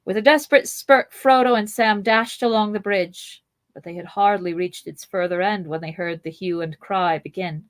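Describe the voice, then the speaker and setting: A woman hosting a podcast, reading a novel aloud in a measured, expressive way with playful asides. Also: lowish voice, no echo.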